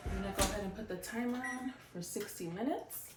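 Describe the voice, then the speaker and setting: A home cooking vlogger in her thirties chats casually with viewers in her kitchen while demonstrating a recipe, treating them as friends and laughing between remarks. She talks fast at a medium pitch, and the recording is very noisy.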